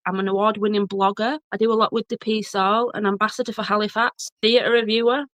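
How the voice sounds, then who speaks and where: A woman in her thirties with a broad Yorkshire accent tells her stories at a rapid clip, chatty and quick to laugh. Her voice sits at an ordinary pitch for a woman. The recording is dry and close, with no room echo. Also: little pitch movement, fairly bright tone. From Bradford, Yorkshire, England. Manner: chatty, laughs often, broad local dialect. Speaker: guest, blogger and journalist. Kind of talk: casual storytelling chat.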